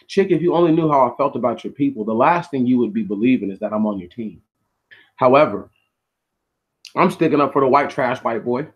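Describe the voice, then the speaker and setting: A man telling a story from his own life in a blunt, profane, casual monologue full of slang. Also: a little high.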